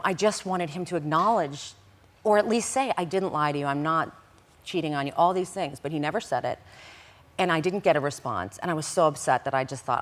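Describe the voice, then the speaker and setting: A middle-aged woman with a low voice tells a personal story in an interview. She is animated and emotional, and she acts out the lines of the people in it. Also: a little fast. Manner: animated, acts out quoted dialogue. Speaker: interview guest recounting past events.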